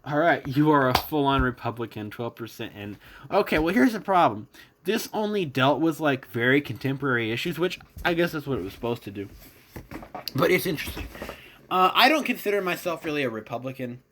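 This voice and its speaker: A man's voice: a little high, big pitch swings, brisk, a bit bright, slight background noise. A man hosting his own podcast, giving a casual, rambling, opinionated monologue with a sarcastic edge and plenty of fillers. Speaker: podcast host.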